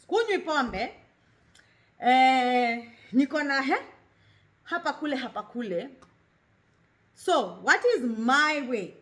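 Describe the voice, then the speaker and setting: Speaking slowly with long pauses, a Kenyan woman in her thirties talks openly on her talk show. Her voice sits high and a bit bright, with lively intonation, and she blends Swahili into her English during this candid personal monologue.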